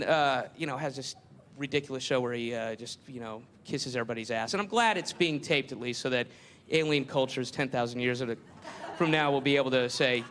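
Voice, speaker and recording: A man's voice: fairly high pitch, pushed and bright, slight background noise. A man doing a stand-up routine, telling a rambling, sarcastic, profane story on stage. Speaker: stand-up comedian.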